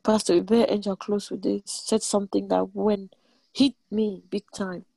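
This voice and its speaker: A woman preaching a sermon, animated and emphatic, repeating lines and jumping in pitch. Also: unhurried, creaky, dry recording.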